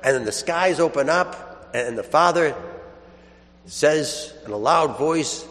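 A man's voice: a little high, animated, takes it slowly, a bit bright, big-room sound. A man, a priest, giving a sermon in a conversational storytelling way, chuckling now and then.

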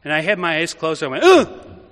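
A male priest giving a homily, telling a story vividly and then turning quiet and reflective. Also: fairly high pitch, fast talker. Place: church. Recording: echoey church reverb.

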